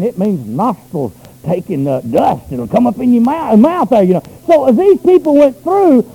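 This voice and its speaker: A pastor preaching a sermon, swinging between loud shouted runs and quiet low asides. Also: male voice, gravelly, poor audio.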